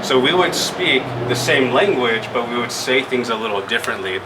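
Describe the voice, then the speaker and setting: A man from the Yakima Valley teaches a group in a middle-pitched voice. He asks questions patiently and spells out words letter by letter. A steady air-conditioning hum runs behind him throughout. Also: normal speed. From Yakima Valley, Washington. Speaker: language presenter. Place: indoor room at a public museum event.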